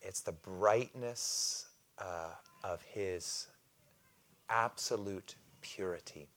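A man's voice: deep voice, very slow. A man preaching a sermon, calling out to the congregation for responses and explaining scripture in a loose conversational way with light humor. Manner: call-and-response with congregation, animated emphasis. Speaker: pastor.

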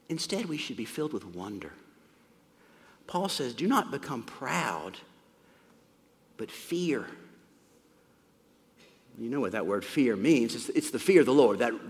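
A man preaching a sermon, emphatic and animated, with sudden rises and soft drops in his voice. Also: mid-range voice. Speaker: pastor. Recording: long reverb of a large hall.

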